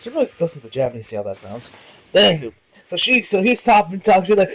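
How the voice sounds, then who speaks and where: A man with a notably high-pitched voice talks through an anime episode in a loose, rambling review. He swears freely and leans on constant fillers like "you know" and "like". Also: expressive, fast, a bit bright, low-quality recording. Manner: rambling, profane, many fillers.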